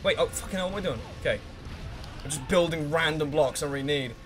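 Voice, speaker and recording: A man commentating his own gameplay in a let's play, excitable and swearing freely, humming to himself while he thinks and shouting at the game characters. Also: fairly high pitch, fast talker, music in the background.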